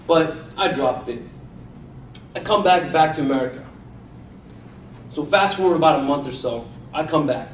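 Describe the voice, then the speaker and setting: A man's voice: fairly high pitch, moderate pace, long pauses, a little hiss or hum. A man from India telling a personal story as a contest speech, acting out the people in it. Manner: personal anecdote with acted-out quotes. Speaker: contest speaker. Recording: echoey room from a distance, faint ambience.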